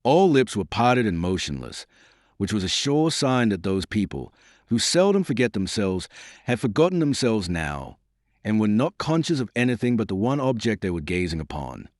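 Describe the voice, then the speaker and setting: Low-voiced expressive male narrator. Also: no room sound, clean studio sound. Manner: measured, expressive reading. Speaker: audiobook narrator. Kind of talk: storybook narration.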